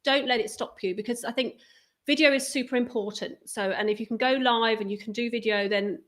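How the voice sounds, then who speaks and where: A woman appearing as a guest on a live video show, speaking in a relaxed, encouraging way with casual fillers. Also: a little high, brisk. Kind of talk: casual live-stream chat. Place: conference venue during a live broadcast.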